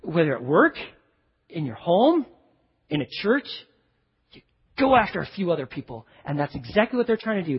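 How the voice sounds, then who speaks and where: Male pastor with a husky voice, high and lively, preaching conversationally in an echoey, dull-sounding church. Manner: animated, conversational preaching with asides. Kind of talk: sermon.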